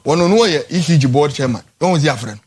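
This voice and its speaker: A Ghanaian man hosting a morning talk show, debating animatedly and repeating words as his pitch jumps. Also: animated, fast talker, a little mellow, husky. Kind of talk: animated studio debate in Twi and English.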